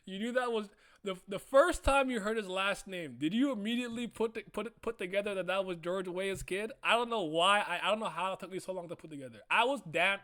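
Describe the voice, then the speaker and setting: Excitable man reacting, bright and dry. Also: sits high, dry recording. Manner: excitable, laughs often, swings into loud trash talk. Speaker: manga reaction host. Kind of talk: casual reading reaction.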